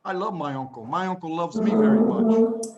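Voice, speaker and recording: A man's voice: sits high, animated, normal speed, highs cut off, over a noisy crowd. A man teaching an online English lesson to children, explaining words patiently and plainly, laughing often, over a video call. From United States.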